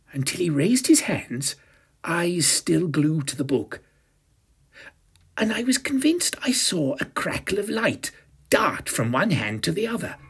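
A man's voice: medium pitch, husky. A man in his fifties narrating a first-person audio drama with a pompous, self-satisfied, arch manner. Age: 50s.

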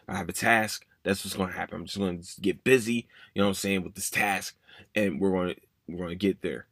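A man's voice: low voice, fairly even intonation, a little fast, fairly bright tone, slightly rough, no room sound. Young guy rambling thru a story on his podcast, swears then says sorry, dead dry mic. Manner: rambling, curses and apologizes, voices his own past thoughts. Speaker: podcast host. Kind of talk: casual storytelling.

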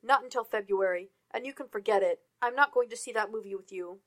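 A woman voicing a sarcastic male office IT worker, reading it loudly and mockingly. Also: mid-range voice, a little fast, natural voice. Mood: grumbling.

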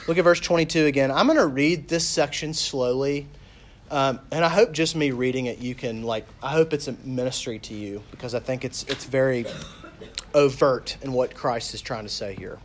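A conversational pastor preaching a sermon. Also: male voice, medium pitch, moderate pace, a little hiss or hum. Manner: conversational, with fillers like "like" and "you know".

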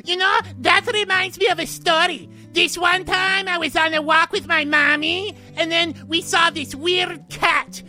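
A woman's voice: very high-pitched, fairly even intonation, unhurried, hardly any pauses, pushed and bright, faint music behind, heavily acted. A woman voicing a childish call-in show host who gives earnest, babyish advice. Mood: chirpy. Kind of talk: comedy radio call-in sketch.

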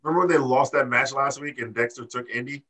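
A man co-hosting a casual wrestling chat, animated and swearing, acting out quotes in high voices. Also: fast, low-quality recording. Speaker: podcast co-host.

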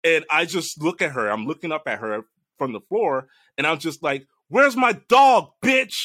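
Man, casual podcast storyteller, lively and bright, swears a lot, dry close mic. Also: fairly high pitch, normal speed, no echo. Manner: animated storyteller, swears freely, laughs often. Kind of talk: casual chat, recounting a dream.

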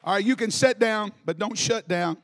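High-voiced preacher building to shouts. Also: male voice, moderate pace, a faint crowd. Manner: builds from quiet teaching to shouted exhortation. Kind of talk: live sermon. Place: church in Alabama.

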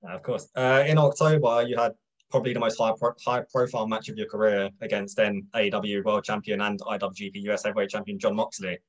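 A low-voiced man hosting a casual interview. He keeps things relaxed and friendly, chuckling along with his guest as he moves from question to question. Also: fast talker, poor audio. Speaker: interviewer, host.

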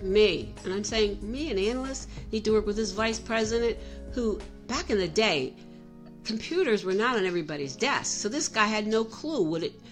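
A middle-aged woman telling a personal story in a candid, self-reflective way, often restarting her sentences. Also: mid-range voice.

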